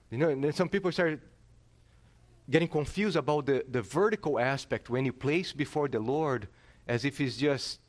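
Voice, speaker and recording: A middle-aged man preaching a sermon from the pulpit. His voice sits a little high and swings widely in pitch as he presses each point, with frequent restarts along the way. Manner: animated, emphatic, with frequent restarts. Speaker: pastor.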